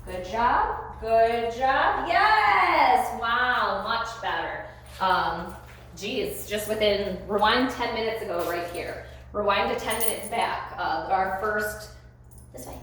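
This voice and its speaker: A woman's voice: medium pitch, unhurried, a bit bright. A woman training her dog on a leash, who mixes short praise like "good boy" with explanations to viewers. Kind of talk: live dog-training commentary. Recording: very echoey with faint noise.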